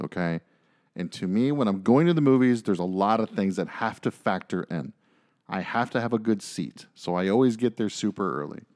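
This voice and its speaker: A man in his thirties, a podcast co-host, telling a story in casual chat, ranting and swearing with animated energy. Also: on the low side.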